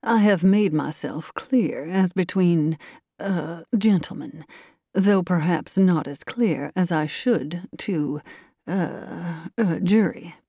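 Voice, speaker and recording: A woman voicing a courtly older male colonel and lawyer who speaks slowly and with grave politeness. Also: lowish voice, dark tone, breathy edge, no echo, studio quality, heavily acted. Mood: bland courtesy. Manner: slow, measured, politely grave.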